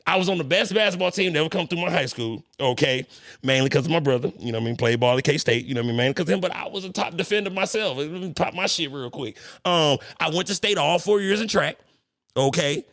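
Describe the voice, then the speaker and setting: A young male podcast host talks fast in a gravelly, slightly raised voice, bragging and joking with loud, animated energy. The sound is dry and close. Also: a little high, dry recording. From St. Louis, Missouri. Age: young adult. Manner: boastful, animated, profane trash talk. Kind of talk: casual chat.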